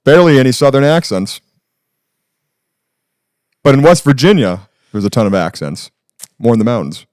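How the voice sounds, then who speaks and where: A man's voice: mid-range voice, animated, darkish tone, no room sound, clean studio sound. A man, a filmmaker guest talking casually and offhand on a podcast. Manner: quick, offhand talker. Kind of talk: casual chat.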